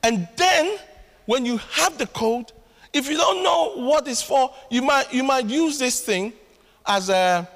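A man preaching a sermon as pastor, animated and storytelling with acted asides. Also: very high voice, unhurried, creaky. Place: church hall. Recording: long hall reverb.

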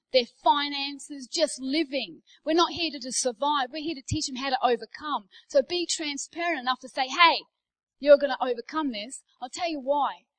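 Woman in her forties preaching, higher voice. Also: low-quality recording. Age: 40s. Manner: personal storytelling, swings between hushed asides and emphatic declarations. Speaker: pastor speaking at a leadership day. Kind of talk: conversational sermon.

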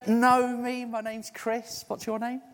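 A man preaching a conversational sermon in a church hall, lively and emphatic. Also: very high voice, slow pace. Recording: echoey hall.

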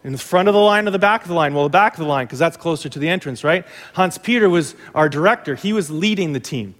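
Guy preaching w funny stories about himself, kinda high voice, big echoey church. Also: animated, fast, a bit bright. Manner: humorous, self-mocking storyteller. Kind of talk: storytelling sermon.

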